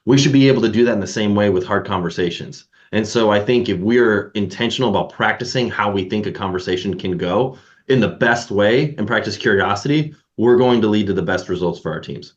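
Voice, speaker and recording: A man's voice: lowish voice, fairly quick, few pauses, muffled recording. A man in a podcast conversation, explaining his points and acting out tones of voice.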